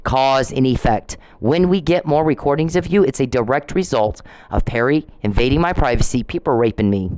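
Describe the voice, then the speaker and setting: A woman's voice: a bass voice, animated, moderate pace, hardly any pauses, darkish tone, dry recording, low-quality recording. A woman ranting angrily straight at the camera, scolding and swearing, stumbling over her words when heated. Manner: furious, profane, scolding; repeats and restarts when heated. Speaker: vlogger. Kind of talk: angry direct-address rant.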